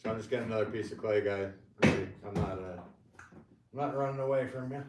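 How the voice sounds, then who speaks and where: A man's voice: on the low side, brisk. A man who is a potter, chatting casually on a livestream from his pottery studio, rambling with many ums and restarts. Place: pottery studio with fans running. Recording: clear fan noise behind the voice.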